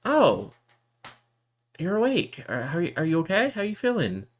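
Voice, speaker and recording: A man voicing a caring young woman, the hero's sister, during a tabletop game. He speaks softly, fussing and worried. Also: mid-range voice, fast, voice pushed up, close to an everyday voice. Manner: soft-spoken, worried and fussing. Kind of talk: tabletop role-play voicing.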